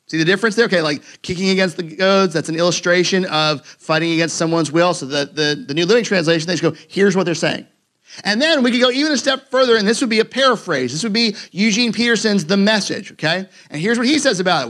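High-pitched guy preaching in church, chatty and jokey, lots of restarts. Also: expressive, brisk, fairly bright tone. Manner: casual, joking, conversational preaching with many fillers. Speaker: pastor. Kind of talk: sermon. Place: church sanctuary with a congregation.

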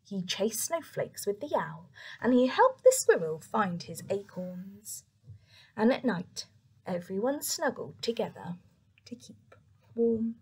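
A young woman reading a picture book aloud to children, soft and expressive, with whispered asides. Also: medium pitch, a little slow, breathy edge. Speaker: children's story reader.

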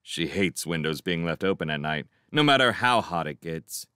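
A man's voice: sits low, animated, moderate pace, sharp tone, smooth, no room sound, studio quality, pitched below the performer's own voice. A man voicing a cheerful, cocky teenage boy in a storybook reading, breezy and teasing. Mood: chatty.

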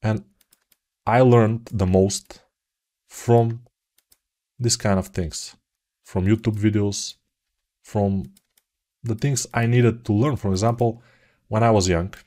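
Slow-talking Bulgarian man, low voice. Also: fairly even intonation, warm tone. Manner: rambling, self-mocking, jokey asides. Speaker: 3D art tutor. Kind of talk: live commented modeling tutorial.

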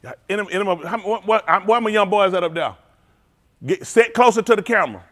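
A pastor whose voice sits high and fairly bright speaks at normal speed with lively intonation. He teases his flock in playful, drawling slang during a loose, jokey sermon.

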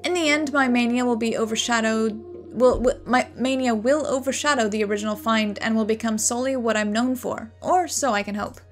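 Lady doing a dreamy junk fisherman, wobbly fake german accent, kinda high. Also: fairly quick, soft background music, close to an everyday voice. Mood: grandiose. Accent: shaky put-on German accent. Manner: grandiose, rambling. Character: eccentric dreamy fisherman hunting lake junk.

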